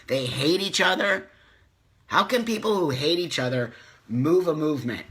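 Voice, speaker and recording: A man's voice: a little high, animated, normal speed, sharp tone, breathy edge. A middle-aged man hosting a live stream, speaking with passion and repeating himself for emphasis as he reads viewer comments. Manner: impassioned, emphatic repetition. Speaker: host.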